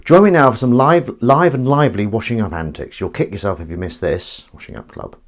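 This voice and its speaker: A man's voice: lowish voice, brisk. A man hosting a casual live stream from his kitchen, rambling, cutting himself off mid-sentence and swearing casually. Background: faint running water and sink sounds.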